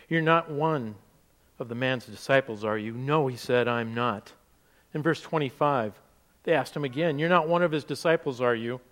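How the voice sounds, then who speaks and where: A man preaching a sermon reflection, earnest, asking his listeners pointed questions. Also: mid-range voice. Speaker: pastor.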